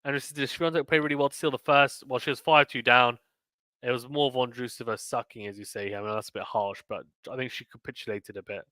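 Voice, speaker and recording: A fast-talking young man covers a tennis match on a live stream, reading out viewer comments and chatting casually between points. His mid-range voice is steady, pushed, and bright. The recording is dry.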